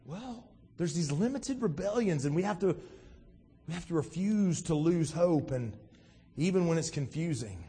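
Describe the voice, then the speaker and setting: A man preaching a sermon as pastor, animated and acting out Bible scenes in shifting voices. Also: high-pitched, normal speed, husky. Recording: long church reverb.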